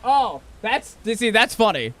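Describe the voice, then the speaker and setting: A man's voice: high voice, big pitch swings, a little slow, a bit bright. A man streaming a game, chatting casually and profanely with friends, rambling and correcting himself as he goes. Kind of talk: casual gaming stream chat.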